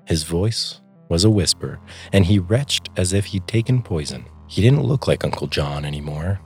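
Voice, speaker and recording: Deep-voiced man narrating a story. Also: expressive, moderate pace, a little mellow, husky, soft background music. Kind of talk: scripted narration of a spooky story.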